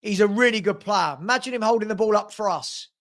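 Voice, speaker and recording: A man calling a football match as a fan at home. His commentary is partisan and excitable, getting loud at big moments. It sounds like a casual stream from a home room. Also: high-pitched, fast talker. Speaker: fan watch-along commentator. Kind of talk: live match watch-along commentary.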